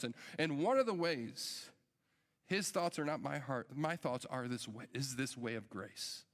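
A man's voice: mid-range voice, animated, measured pace. A middle-aged man, a pastor, preaching a sermon in an earnest, emphatic way that builds with urgency. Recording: long hall reverb.

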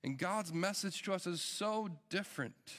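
A man's voice: sits high, expressive, moderate pace, fairly bright tone. A middle-aged man, a pastor, preaching a sermon in an earnest, emphatic way that builds with urgency. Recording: long hall reverb.

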